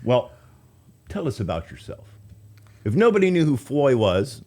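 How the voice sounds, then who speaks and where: A man's voice: medium pitch, sing-song, measured pace, a little mellow. A man hosting a casual radio talk show, chatty and given to restarts.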